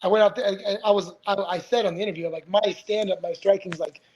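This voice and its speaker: A man's voice: sits high, steady tone, fast, a little mellow, low-quality recording. A man in his forties, a retired fighter, telling stories as a podcast guest in a rambling, profane way, full of restarts. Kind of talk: casual storytelling interview.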